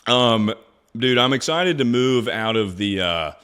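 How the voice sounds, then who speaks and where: A man's voice: medium pitch, animated, a little slow, a bit bright, clean tone. A young man streaming live, chatting casually in a rambling, crude way and laughing often.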